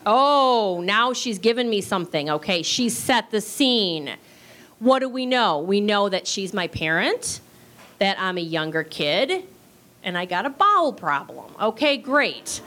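A woman teaching improv in a chatty, casual way, swearing freely and acting out quick bits of dialogue. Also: mid-range voice, big pitch swings, a bit bright. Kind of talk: casual spoken lesson.

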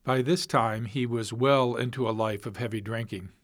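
A man narrating a documentary in a plain, even way, reading sources aloud. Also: medium pitch, moderate pace.

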